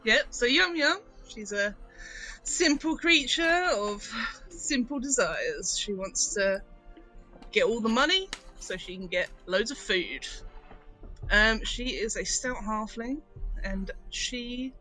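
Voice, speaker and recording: A woman's voice: a little high, animated, slow, sharp tone, soft background music, rough recording. A woman, a tabletop game player, chatting casually and giggling as she describes her character.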